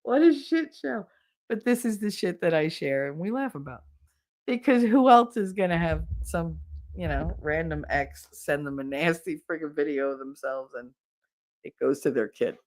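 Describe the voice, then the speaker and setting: A woman in her forties chats with her stream viewers and tells stories, putting on shrill high voices for the people she quotes. Her normal speaking voice sits fairly low. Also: moderate pace. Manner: animated, acts out quotes with big pitch jumps. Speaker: livestream host. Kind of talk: casual storytelling to chat.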